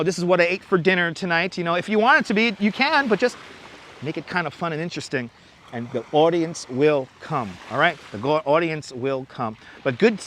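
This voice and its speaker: A chatty man hosts a casual livestream outdoors by the water at night, rambling easily between thoughts and answering viewers in the chat. His voice is bright and fairly high for a man, picked up close on a clip-on wireless mic. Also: a little hiss or hum. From New York City. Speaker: livestream host.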